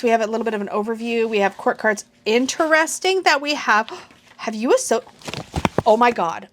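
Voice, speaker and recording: A woman reviewing a tarot deck in a casual walkthrough, excitable and gushing, with muttered asides to herself. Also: medium pitch, slight background noise. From Canada. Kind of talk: casual deck walkthrough, reading aloud from guidebook.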